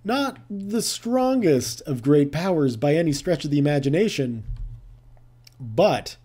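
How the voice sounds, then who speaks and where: A man's voice: on the high side, animated, a little slow, dark tone. A man giving casual let's-play commentary, thinking aloud with playful asides. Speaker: gameplay commentator.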